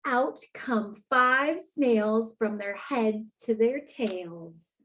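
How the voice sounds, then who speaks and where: A woman with a high voice reads a picture book aloud to young children, taking her time over each line. She is playful and keeps exclaiming to her listeners as the story goes on. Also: extremely slow, a bit bright. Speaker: school librarian.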